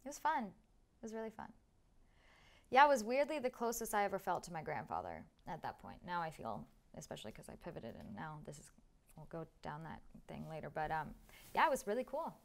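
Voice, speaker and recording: Young female guest, slightly low voice, chatty and laughing. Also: a little fast, gravelly. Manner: chatty, laughs often, animated storytelling. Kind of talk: casual interview.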